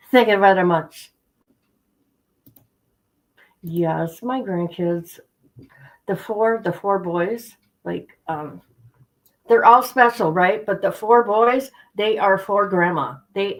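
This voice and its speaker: A woman's voice: lowish voice, slow pace, rough recording. A middle-aged woman hosting a livestream, chatting casually with viewers, talking straight to them and repeating points for emphasis. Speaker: livestream host. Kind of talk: casual chat with stream viewers.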